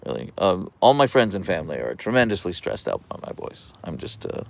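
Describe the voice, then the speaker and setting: A calm man with a smooth, radio-like voice hosts a casual livestream and reads out viewer comments. His voice is low with a gravelly edge, and his pitch moves around a lot as he talks. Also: brisk. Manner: soft-spoken, relaxed, reads viewer comments aloud. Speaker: livestream host. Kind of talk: casual live-stream chat reading comments.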